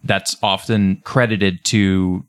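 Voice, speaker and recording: A man's voice: low voice, steady tone, slow, clear, resonant tone. A man on a podcast panel giving his opinions in an earnest, enthusiastic way. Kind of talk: casual podcast chat.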